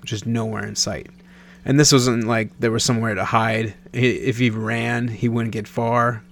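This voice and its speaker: A man's voice: mid-range voice, level tone, normal speed, creaky. A man in his thirties, from Nebraska, rambling through a casual personal story and often correcting himself mid-sentence. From Nebraska, USA. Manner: rambling, self-correcting, many restarts.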